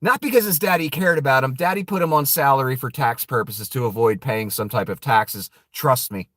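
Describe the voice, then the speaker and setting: A man's voice: mid-range voice, a little fast, fairly bright tone, no echo. A man giving casual, profane political commentary, laughing often and throwing mocking asides to his viewers.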